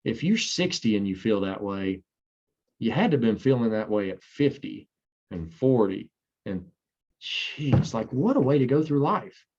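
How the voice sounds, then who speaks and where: A man in his thirties giving an energetic motivational talk to sales agents, acting out the voices he quotes. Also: on the low side, unhurried, breathy edge, muffled recording. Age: 30s. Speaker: insurance sales trainer.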